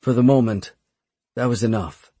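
A man narrating an audiobook in a steady, measured reading. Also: medium pitch, slightly rough, dry recording. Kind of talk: scripted narration.

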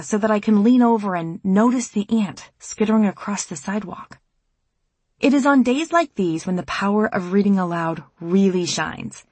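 A mother narrating an audiobook in a measured, reflective reading voice. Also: mid-range voice, a little mellow, husky, no room sound.

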